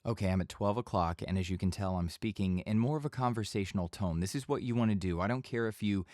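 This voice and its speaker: A man giving a casual voice-over tutorial in a home studio, speaking in a relaxed conversational tone into a studio microphone. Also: lowish voice, fast talker, dry recording. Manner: relaxed conversational teaching, occasional bursts of yelling demos. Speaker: voice-over instructor.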